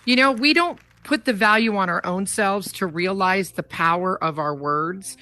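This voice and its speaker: A woman's voice: medium pitch, normal speed, pushed and bright, no room sound. A woman hosting a casual talk show, speaking emphatically and laughing often. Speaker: host.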